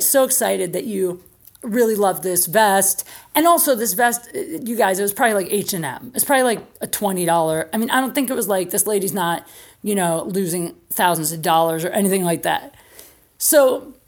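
A woman telling a comedic anecdote on her podcast, animated, acting out friends' lines and swearing freely. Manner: animated, acts out quotes with raised pitch, swears freely. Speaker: podcast host. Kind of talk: storytelling, casual comedic anecdote.

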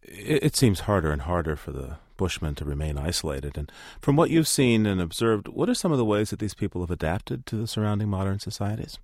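A man's voice: on the low side, expressive, a little fast, few pauses, darkish tone, dry recording, studio quality. A man interviewing a guest with curious, prompting questions. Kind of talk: radio interview.

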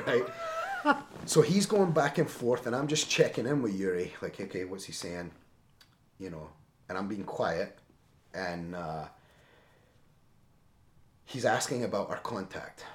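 Middle-aged ex-Marine guest, very low voice, animated storyteller, roomy echo. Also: male voice, slight background noise. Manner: animated, seeks agreement with frequent "right?". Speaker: podcast guest, former Marine. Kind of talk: conversational war storytelling.

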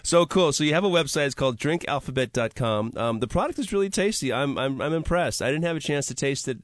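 A man's voice: on the high side, animated, fast talker, no echo. A man hosting a casual radio talk show from a studio, upbeat and chatty, laughing easily. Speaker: radio host.

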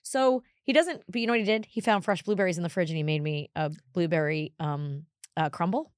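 A woman in her forties co-hosting a podcast, telling stories in a casual, animated way with bursts of exasperated emphasis. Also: sits low, fast talker, smooth, no room sound, studio quality. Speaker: podcast co-host. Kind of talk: casual chat, storytelling.

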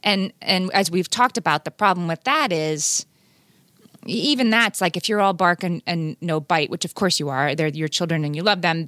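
A woman's voice: low voice, a bit bright, no room sound. A middle-aged woman co-hosting a parenting podcast, talking earnestly in casual chat with frequent restarts. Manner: earnest, halting, many restarts. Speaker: podcast co-host.

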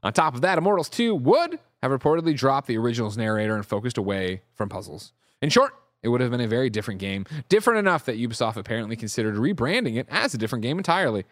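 A man hosting a gaming news show, reading reports with a bouncing, animated pitch and throwing in loose asides. His voice sits dry and close on a studio mic. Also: rapid-fire, no room sound. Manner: lively delivery, reads reports aloud with asides. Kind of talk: casual news chat.

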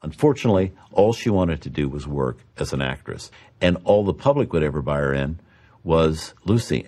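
Deep-voiced man reflecting, lively pitch. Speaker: commentator. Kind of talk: documentary interview.

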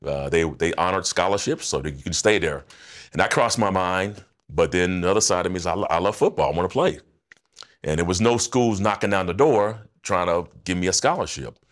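A deep, low-voiced man in his fifties tells his story as a podcast guest. He is animated and slangy, and laughs often as he goes. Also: a little fast. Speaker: guest, former football player.

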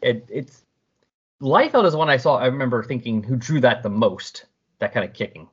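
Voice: medium pitch, expressive, moderate pace, husky. A podcast host recapping a comic in casual chat and animatedly reading the characters aloud, through a dull lo-fi recording. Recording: dull lo-fi sound.

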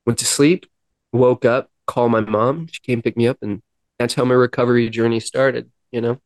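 A man guest on a podcast, earnestly telling a personal story and acting out dialogue, with halting restarts. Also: mid-range voice, fairly even intonation, no echo. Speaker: podcast guest, musician in recovery. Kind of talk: personal storytelling in a sit-down interview.

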